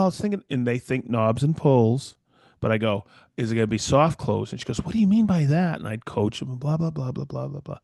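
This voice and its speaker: This middle-aged podcast co-host, a woodworker, has a mid-range voice with vocal fry, recorded dry in a clean studio. Chatting casually, he tells animated stories and plays out quoted dialogue with big leaps in his voice.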